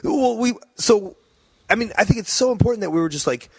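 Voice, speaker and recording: A man's voice: sits high, expressive, a little fast, a little mellow, slightly rough, no room sound. A man hosting a casual podcast interview, talking bluntly and teasingly, swearing freely and rambling. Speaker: podcast host.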